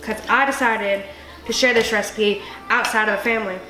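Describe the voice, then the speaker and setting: A woman's voice: a little high, steady tone, normal speed. A tipsy woman hosting a casual cooking video, crude and giggly with lots of swearing. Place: home kitchen. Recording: echoey room with faint music.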